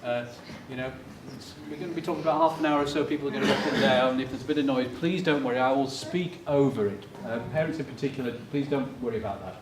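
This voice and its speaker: A man's voice: medium pitch, quick pace, few pauses, background noise. A middle-aged man, a chemistry professor, giving a playful public science lecture and joking with the children in his audience. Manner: jokey and playful, talks directly to children in the audience. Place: lecture theatre. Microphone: fixed camera from far off. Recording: echoey lecture hall from far off.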